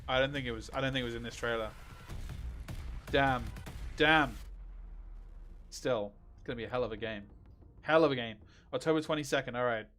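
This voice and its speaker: A man reacting excitedly on a live stream, exclaiming and reading viewer questions. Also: mid-range voice, fairly quick, pauses often.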